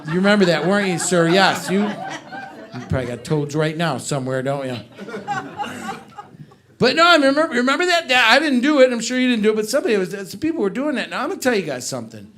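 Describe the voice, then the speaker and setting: A man's voice: high-pitched, fast. A middle-aged man doing a stand-up comedy set on a club stage, telling stories and joking with the crowd. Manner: animated storytelling with crowd work.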